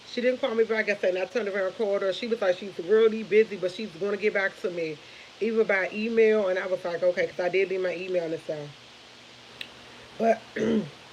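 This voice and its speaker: A woman's voice: medium pitch, slight background noise, rough recording. A woman, in her thirties, chatting casually and rambling to viewers of her morning live stream, laughing often.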